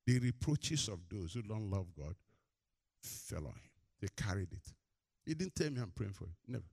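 With vocal fry and a moderate pace, a male pastor preaches in a recording without echo. He has the congregation finish verses, and his anecdotes turn animated, rising in pitch, volume and energy.

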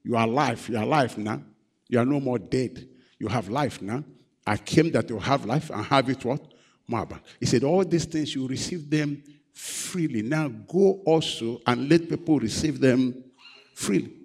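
A man preaches a call-and-response sermon as pastor. He keeps repeating key phrases and pauses for the congregation to answer. His voice is mid-pitched and carries a long hall reverb. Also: a little mellow, breathy edge.

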